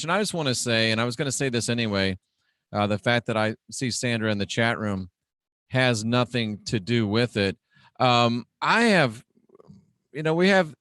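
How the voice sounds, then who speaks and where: A man's voice: mid-range voice, fairly bright tone, no room sound, clean studio sound. Earnest, effusive male livestream host. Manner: earnest, effusive, repeats phrases. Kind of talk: casual spiritual livestream talk. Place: home studio room.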